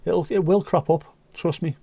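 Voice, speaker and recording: A man's voice: fairly high pitch, steady tone, moderate pace, creaky, dark tone, breathy edge, no room sound. A man hosting a livestream, chatting casually and reading out viewer comments with rambling, dry joking asides. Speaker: livestream host.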